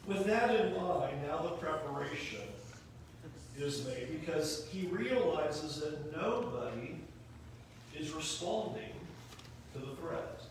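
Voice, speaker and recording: A male preacher giving a sermon in a church sanctuary. He tells the story in an animated way and acts out the quoted lines. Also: high voice, slow, slight background noise. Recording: echoey hall, mic from a distance.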